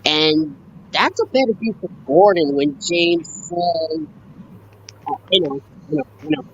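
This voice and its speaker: A woman chatting casually on a live stream, slowly listing book scenes and quoting lines. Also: lowish voice, big pitch swings, muffled recording, a little hiss or hum. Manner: slow, halting, lists scenes and quotes lines. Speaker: fan sharing a book collection.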